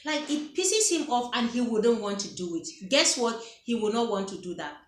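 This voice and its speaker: A woman's voice: on the high side, animated, normal speed. A woman giving relationship advice to camera in a casual, emphatic way, often repeating her phrases. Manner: emphatic, repeats phrases, acts out quoted dialogue. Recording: echoey room.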